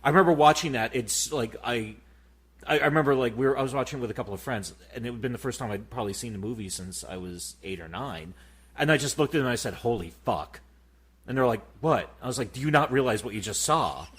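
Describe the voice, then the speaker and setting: A man in his thirties co-hosting a casual podcast, swearing freely and telling animated stories. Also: mid-range voice, fast, breathy edge. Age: 30s. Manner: profane, animated storytelling. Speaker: podcast co-host. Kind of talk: casual chat.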